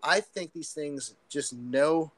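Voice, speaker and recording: A man's voice: fairly high pitch, slow, dry recording, poor audio. A man speaking as a podcast guest, telling a personal story in an earnest, rambling way with many fillers and restarts. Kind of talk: casual storytelling.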